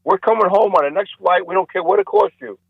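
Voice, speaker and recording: A man's voice: high-pitched, sing-song, quick pace, gravelly, no room sound, phone-quality sound, voice pushed up, heavily acted. A man voicing bossy wives who speak firmly and scold. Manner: firm, scolding. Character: bossy wives laying down rules.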